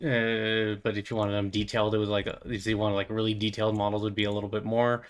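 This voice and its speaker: A man's voice: on the low side, flat delivery, fast, clean tone. A young man hosting a gaming channel, rambling playfully through casual commentary as he plays, with lots of fillers and goofy asides. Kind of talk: casual commentary while playing.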